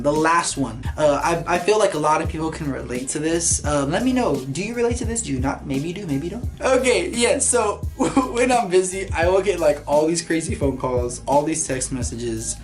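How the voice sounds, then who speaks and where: A woman vlogging to her camera in casual chat. She is animated and sassy, and swings between loud bursts and quiet asides. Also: low-pitched, moderate pace, soft background music.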